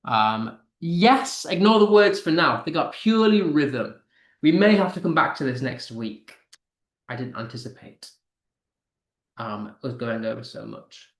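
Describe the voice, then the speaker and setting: A man's voice: fairly high pitch, sing-song, roomy sound. A male English teacher giving an online poetry lesson, answering student comments and tapping out rhythms by stressing syllables. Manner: slow, stressed reading when tapping out poetic rhythm; talks to students reading comments aloud.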